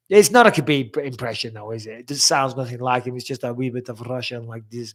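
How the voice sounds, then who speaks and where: A man's voice: mid-range voice, fairly quick, few pauses, a bit bright. A middle-aged man hosting a live stream, reading viewer questions and answering bluntly with frequent swearing. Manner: blunt, swears freely, reads questions aloud.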